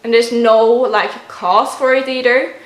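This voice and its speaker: A woman's voice: a little high, steady tone, unhurried. A woman in her twenties with a Swedish accent, talking to camera in a casual, chatty way full of fillers. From Sweden. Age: 20s. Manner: chatty, many fillers like "like" and "you know". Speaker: vlogger. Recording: roomy echo.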